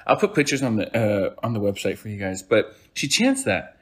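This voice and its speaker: A podcast host tells a folk tale in a rambling, playful, self-correcting way, like casual storytelling. His voice is lowish and sing-song, and he talks briskly.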